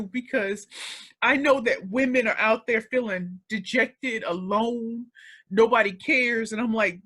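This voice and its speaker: An emotional, emphatic interview guest, a woman in her forties from the St. Louis area, United States, talks through her life story with many repeats. Her voice is on the high side, fairly bright and husky, and she takes her time.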